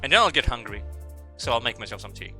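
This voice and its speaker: A man's voice: mid-range voice, big pitch swings, quick pace, bright, forceful tone, faint music behind. A young man streaming live, chatting casually in a rambling, profane and self-mocking way.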